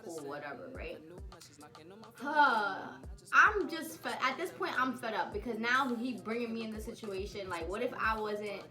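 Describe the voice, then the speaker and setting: Young woman spilling a story time, kinda high voice, echoey room, music going. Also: normal speed. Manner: slangy, animated storytelling with asides to viewers. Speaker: vlogger telling a story time.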